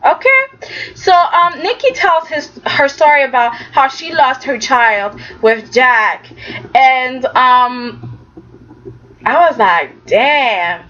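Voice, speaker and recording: A woman with a high voice chats through a soap opera recap, sassy and animated, slipping into the characters' lines as she tells it. The recording sounds a little dull and lo-fi. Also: slow. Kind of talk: casual recap vlog.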